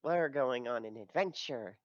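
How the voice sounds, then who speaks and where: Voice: mid-range voice, lively intonation, measured pace, no room sound, lightly acted. A grandiose young hero in a tabletop game, lofty and theatrical, swinging his voice up and down as he proclaims an adventure, as a player puts him on. The voice is dull and dry, like a voice chat.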